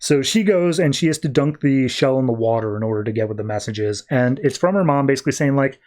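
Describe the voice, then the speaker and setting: A man's voice: medium pitch, fast talker, few pauses, a little mellow. A man hosting a podcast, casually recapping a comic book in a rambling, filler-heavy way. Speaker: podcast host.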